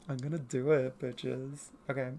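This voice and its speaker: A warm, creaky mid-range voice with little pitch movement comes from an artist streamer drawing and answering chat at an unhurried pace, with a slight hiss or hum in the audio. The talk is playful and rambling, with lots of laughter, occasional swearing and self-correcting asides.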